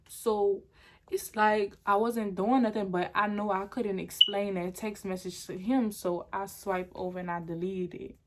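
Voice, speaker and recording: A young adult woman telling a personal storytime on her vlog, animated and rambling with many restarts. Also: mid-range voice, unhurried, a little hiss or hum. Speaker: vlogger.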